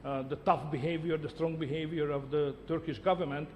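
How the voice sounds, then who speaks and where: Middle-aged man, native Hungarian speaker, emphatic and repetitive, fairly high voice, reverberant hall with faint ambient noise. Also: steady tone, a little fast. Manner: emphatic, repeats words, short declarative points. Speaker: interviewee, head of government. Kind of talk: broadcast interview answers.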